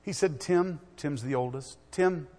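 A middle-aged man preaching a sermon in a church, swinging from loud exhortation to quiet storytelling. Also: a little high, measured pace, big-room sound.

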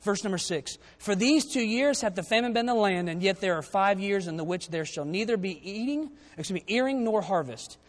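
A man's voice: sits high, expressive, fairly quick, few pauses. A man preaching a sermon, reading scripture verses aloud and then explaining them in a conversational way. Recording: long reverb of a church hall.

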